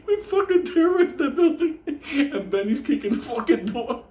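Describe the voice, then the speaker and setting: A man's voice: extremely high pitch, sing-song, unhurried, gravelly, long pauses, darkish tone, echoey room, slight background noise. A man telling a wild story in a rowdy, profane way, often laughing as he talks.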